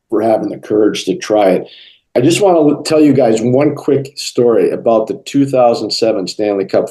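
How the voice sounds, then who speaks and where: A middle-aged man in an interview, telling lively stories and acting out the quotes. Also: fairly low pitch, low-quality recording. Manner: animated storyteller, acts out quotes. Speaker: interview guest, hockey broadcaster. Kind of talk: storytelling interview answers.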